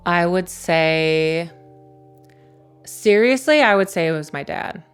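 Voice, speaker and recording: A woman's voice: fairly low pitch, animated, takes it slowly, echoey room, soft background music. A young woman from the United States speaking candidly and with emotion in a documentary interview. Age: young adult. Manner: emotional, thoughtful. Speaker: documentary subject.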